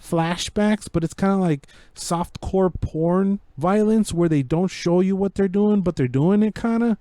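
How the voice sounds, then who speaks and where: A man's voice: sits high, measured pace, mellow, clean tone, no room sound, studio quality. A man co-hosting a podcast, ranting casually about a movie, swearing and slipping into Spanish slang. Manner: rambling, profane, code-switching into Spanish slang. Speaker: podcast co-host. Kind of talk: casual movie review chat.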